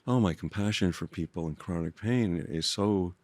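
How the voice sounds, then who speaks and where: Deep, thoughtful older man telling stories. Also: no echo. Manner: gentle, thoughtful, halting with restarts. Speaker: guest author. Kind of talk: reflective storytelling conversation.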